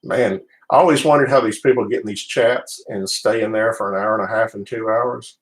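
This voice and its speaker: A man's voice: on the low side, brisk, low-quality recording. A middle-aged man with a Southern US accent, rambling casually as he hosts a live stream from his home office. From United States. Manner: rambling, restarts often, laid-back.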